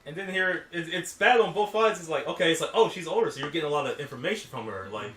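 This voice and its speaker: A man with a bright, sharp voice co-hosting a casual chat, heard with a roomy echo around him. He is blunt, laughs often and leans on "like," his pitch moving animatedly. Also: lively intonation, fast talker, recorded from a distance. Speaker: podcast co-host playing a game.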